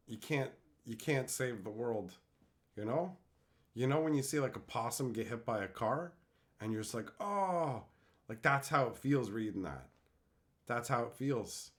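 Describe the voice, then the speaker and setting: A young adult man streaming and reading chat aloud in casual talk, ranting with exasperated disbelief and frequent swearing. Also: medium pitch.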